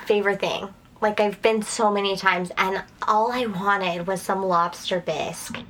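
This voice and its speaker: A woman co-hosting a podcast, telling a story in a lively way and acting out the quotes. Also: mid-range voice, a little slow, a little hiss or hum, poor audio. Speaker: podcast co-host. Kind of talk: casual chat, animated storytelling.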